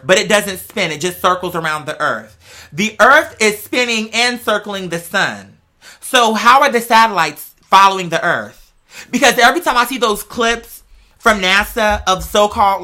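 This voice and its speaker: A young adult woman hosting a podcast, talking in a rambling, profane, animated casual monologue and calling her listeners "girl". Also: medium pitch. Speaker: podcast host.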